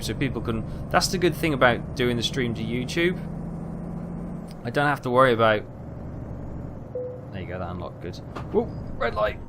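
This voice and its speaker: A man hosting a casual let's-play of a trucking game, rambling along and breaking into exasperated outbursts. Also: mid-range voice. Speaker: gaming channel host. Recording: game engine noise underneath. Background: truck simulator engine and road sounds.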